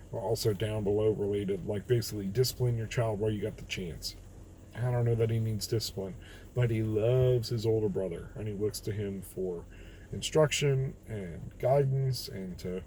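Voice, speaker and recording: A man's voice: on the low side, normal speed, warm tone, slight background noise, rough recording. Man reading scripture in a car. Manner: plain, reflective, candid. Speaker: host of a daily Bible reading video. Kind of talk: Bible reading with casual reflection. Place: in a car on a rainy night.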